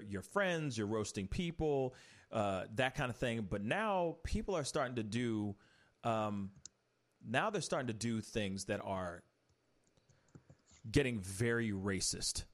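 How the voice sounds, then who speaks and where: A man hosting a casual commentary show, animated and opinionated, rambling through entertainment news. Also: medium pitch, moderate pace. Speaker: talk show host.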